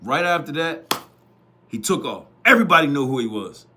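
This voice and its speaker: A man's voice: fairly high pitch, very animated, moderate pace, bright, forceful tone, a little hiss or hum. A man who hosts youth football media, giving a blunt, profane, repetitive opinion monologue straight to his viewers.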